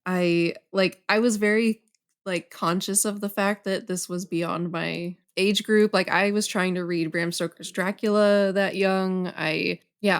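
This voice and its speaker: Chatty young woman with a low voice. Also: creaky, clear, resonant tone. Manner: relaxed, many fillers like "um" and "like". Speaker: guest horror journalist. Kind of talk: casual podcast chat.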